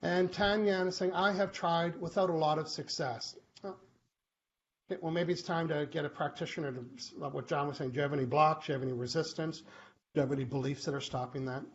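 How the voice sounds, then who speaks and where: A man with a somewhat high voice hosts a live online Q&A. He talks casually and brightens when he acts out small back-and-forth exchanges. The stream audio is muffled, with a faint hiss behind it. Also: fast talker. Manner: animated, acts out little quoted exchanges. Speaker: host.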